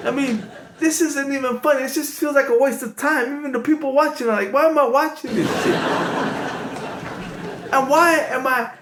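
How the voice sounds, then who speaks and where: A man voicing a brash, loud male wolf talk-show host in an improvised comedy sketch, excitable and full of catchphrases. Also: extremely high pitch, normal speed, a loud crowd. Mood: mocking. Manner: excitable, shouty, cackling catchphrases. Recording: echoey room with steady noise.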